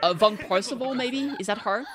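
A woman streamer giving excited, casual reaction commentary, gushing and squealing with delight, with fillers and the odd swear. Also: mid-range voice, normal speed, a crowd in the background. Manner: gushing, squeals and laughs often. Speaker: streamer reacting to a game livestream.

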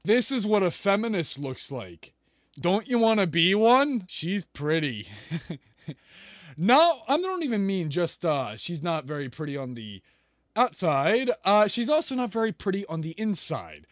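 A man's voice: sits high, big pitch swings, unhurried, no echo, clean studio sound. A man ranting sarcastically and profanely as he reacts to a video. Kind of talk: ranting commentary.

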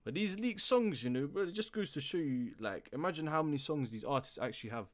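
A young man giving casual commentary as a music reaction host, slang-heavy and breaking into loud, hyped outbursts. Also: a little high, expressive, fast.

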